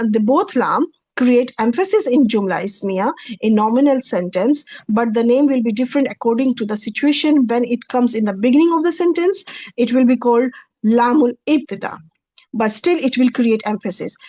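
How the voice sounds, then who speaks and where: Woman teacher, higher voice, slide lecture, hesitant restarts, dry lo-fi recording. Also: dark tone, no room sound. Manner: hesitant, repeats and restarts, patient explaining. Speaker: Quranic Arabic teacher. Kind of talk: slide-based online lecture.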